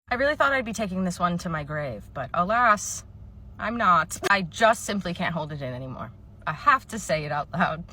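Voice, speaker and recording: A woman telling a comedic story in skit style, chatty and animated, and laughing often. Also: lowish voice, normal speed. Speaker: comedy storyteller, former cashier.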